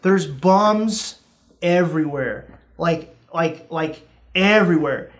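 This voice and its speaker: A man's voice: on the high side, slow pace. A young man hosting a casual podcast, telling funny stories and acting out his own reactions with sudden jumps in voice. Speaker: podcast host. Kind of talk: casual storytelling chat.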